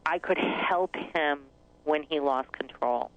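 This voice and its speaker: A woman's voice: sits low, slow pace, no echo, highs cut off. A woman, a mother, speaking candidly and reflectively as an interview guest. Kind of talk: conversational interview.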